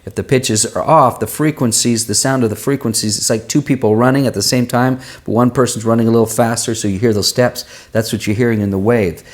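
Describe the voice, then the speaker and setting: A man working as a vocal coach, answering viewers' singing questions and demonstrating vowels and pitches with his own voice. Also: steady tone, a little fast, hardly any pauses. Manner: explanatory, uses everyday comparisons.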